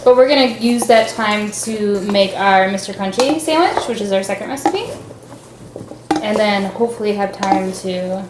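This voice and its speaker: A young woman co-hosts a home cooking show, chatting casually and laughing often as she cooks. Her mid-range voice is animated and at normal speed. The kitchen is echoey, with clearly audible noise.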